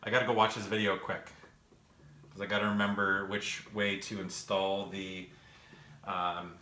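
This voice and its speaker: A man's voice: sits low, little pitch movement, measured pace, bright, forceful tone. A young man chatting casually on a livestream while working, out of breath and rambling with fillers. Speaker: gaming vlogger answering live chat. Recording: echoey room, faint background noise.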